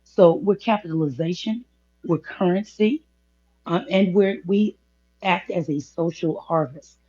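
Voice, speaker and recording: A woman's voice: on the low side, mellow. A woman co-hosting a podcast discussion, laying out her points one by one and stopping to clarify what she means. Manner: measured, enumerating points, insists on clarifying. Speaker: co-host. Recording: dull lo-fi sound.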